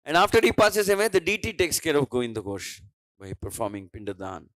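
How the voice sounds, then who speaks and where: A man's voice: fairly high pitch, big pitch swings, brisk, a bit bright, dry recording, poor audio. A man with an Indian English accent giving a devotional scripture class, telling a story and voicing its dialogue with many restarts and fillers.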